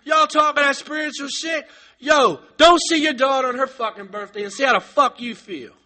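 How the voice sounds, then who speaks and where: High, sharp-voiced man sharing fervently. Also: steady tone, moderate pace. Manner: blunt, profane, fervent, bursts into shouting. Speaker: recovering addict sharing at a meeting. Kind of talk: emotional recovery testimony.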